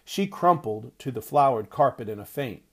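A man reading a story aloud as narrator, in measured, even storytelling. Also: medium pitch, slightly rough. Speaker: audiobook narrator. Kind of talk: scripted narration.

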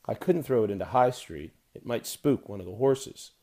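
A man narrating an audiobook in a measured, wry storytelling manner. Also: mid-range voice, expressive, warm tone. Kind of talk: scripted narration.

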